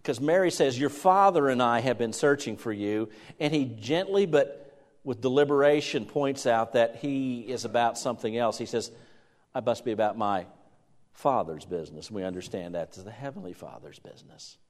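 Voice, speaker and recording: A middle-aged man preaches in a conversational way, breaking off to act out anxious parents calling for a lost child. His voice sits at an ordinary pitch and carries a long reverb through a church hall. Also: animated, normal speed. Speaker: pastor. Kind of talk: sermon.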